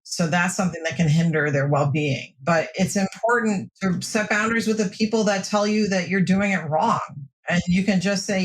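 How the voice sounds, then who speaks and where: A woman mental health counselor giving steady, reassuring advice in a podcast interview. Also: lowish voice, normal speed, hardly any pauses.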